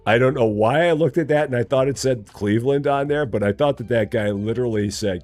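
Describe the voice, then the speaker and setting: A man's voice: fairly quick, few pauses, faint music behind. A man chatting casually and joking as he live streams a store simulator game, rambling and laughing. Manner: jokey, rambling, laughs often, lively swings in pitch.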